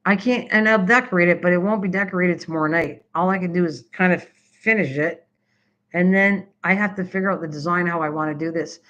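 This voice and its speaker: Chatty older woman, bright lo-fi voice. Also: fairly low pitch. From Canada. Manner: rambling, chatty, answers typed comments. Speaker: craft live-stream host. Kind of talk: casual live-stream chat with viewers.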